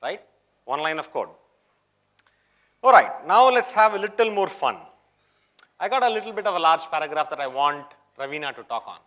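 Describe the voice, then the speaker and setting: A man with a fairly high voice walks an audience through a live coding demo at a conference. He keeps it chatty and checks in with the room as he goes. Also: sing-song, normal speed, pauses often, sharp tone. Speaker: tech conference presenter. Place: conference hall.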